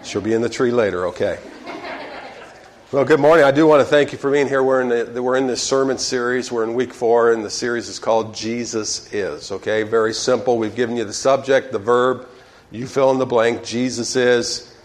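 A man preaching a sermon, telling a joke with lively storytelling and asking the congregation questions, often adding "okay?". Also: medium pitch, moderate pace. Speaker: pastor.

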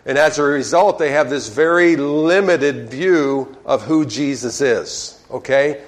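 A man preaching a sermon, telling a joke with lively storytelling and asking the congregation questions, often adding "okay?". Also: mid-range voice, measured pace. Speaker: pastor.

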